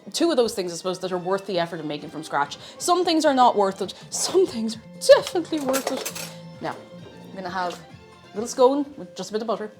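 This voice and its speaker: A woman streaming with an Irish accent, chatting through a cooking livestream. She reads viewer messages aloud and answers them warmly, sometimes talking with a full mouth. Soft music plays in the background. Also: mid-range voice. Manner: talks while snacking, sometimes with a full mouth. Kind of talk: casual cooking livestream chat.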